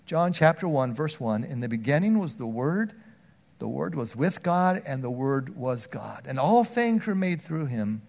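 A man preaching a sermon, earnest, often restarting words, swinging from loud emphatic stretches down to a near hush. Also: fairly high pitch.

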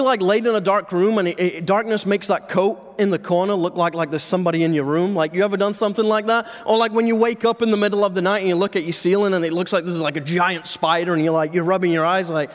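Guy pastor with a high voice, chatty sermon, kinda echoey church hall. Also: fairly even intonation, fast. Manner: conversational preaching, jokes with congregation. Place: church sanctuary with live audience. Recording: reverberant hall sound.

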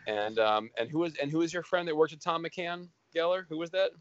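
A man's voice: a little high, lively intonation, fairly bright tone, no echo. Dry, muffled man in casual chat. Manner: jokey, teasing, quick banter. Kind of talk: casual chat among friends. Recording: dull lo-fi sound.

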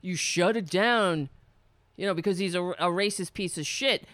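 A woman's voice: on the low side, moderate pace, fairly bright tone, dry recording. A woman giving an angry, profane commentary on a played clip, sarcastic and mocking. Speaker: political commentator.

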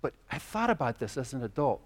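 A man's voice: mid-range voice, quick pace. A man pastor preaching a sermon, telling stories and acting out the voices of the people in them. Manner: storytelling, animated, acts out quoted voices. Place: church sanctuary. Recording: long hall reverb.

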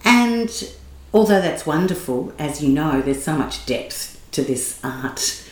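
A woman hosting an interview, asking measured, admiring questions. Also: low-pitched, a little mellow. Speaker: interviewer host. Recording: roomy echo.

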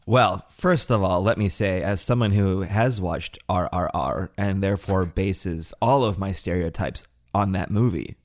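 A man's voice: deep voice, unhurried, few pauses. A man co-hosting a podcast, chatting casually in a laid-back, wry, joking way. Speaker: podcast co-host. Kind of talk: casual chat.

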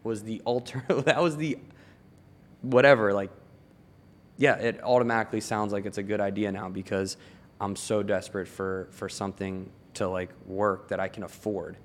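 A young tailor from Maryland, appearing as a guest, tells animated stories in casual conversation, swearing and laughing a lot. His voice is on the low side and moves at a moderate pace.

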